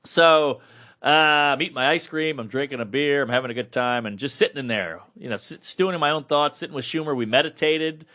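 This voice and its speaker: A man in his thirties co-hosting a podcast, telling a story in a loose, animated way, swearing freely and acting out the people he quotes. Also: a little high, fairly quick. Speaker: podcast co-host. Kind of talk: casual storytelling chat.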